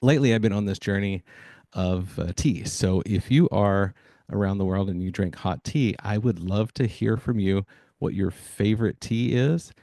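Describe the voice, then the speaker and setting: Upbeat low-voiced male podcast host. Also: normal speed, vocal fry, warm tone, no room sound. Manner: enthusiastic, hypes listeners, many fillers. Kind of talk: energetic podcast monologue.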